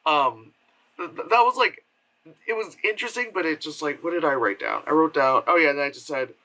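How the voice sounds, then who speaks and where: A man reviews films in a loose, rambling way, full of fillers and restarts, and slips into mocking voices to act out what people said. His voice sits a little high and sounds bright and tense. He records at home, where an air purifier keeps humming. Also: expressive, a little fast, low-quality recording. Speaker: film reviewer. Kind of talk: casual spoken film review.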